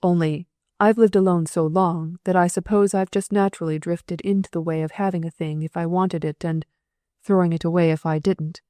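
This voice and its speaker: A woman putting on a gruff, blustering surgeon. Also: lowish voice, fairly even intonation, normal speed, warm tone, no room sound, lightly acted. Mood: flustered. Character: gruff middle-aged male senior surgeon.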